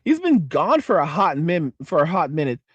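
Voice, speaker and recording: Swearing, excitable man on a livestream. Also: on the high side, normal speed, breathy edge, no echo, highs cut off. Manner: profane, excitable, trails off and restarts. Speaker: livestream host reading chat. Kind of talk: casual rambling livestream talk.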